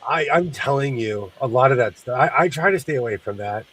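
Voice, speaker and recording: A man's voice: medium pitch, expressive, a little fast, fairly bright tone, distant mic, poor audio. A man hosting a sewing livestream, congested from sinus trouble, chatting in a rambling way and laughing often. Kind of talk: casual chat while sewing.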